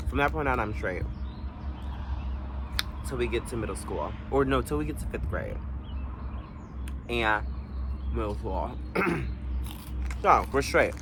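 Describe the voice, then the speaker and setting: Telling a casual storytime vlog, this young man is slangy and animated, cursing freely and breaking into high-pitched exclamations. A little hiss or hum is audible.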